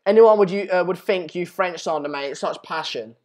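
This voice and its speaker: Ranting football stream host. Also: male voice, high-pitched, brisk, darkish tone. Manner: ranting, exasperated, repeats himself. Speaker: live match chat host. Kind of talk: live-streamed football chat.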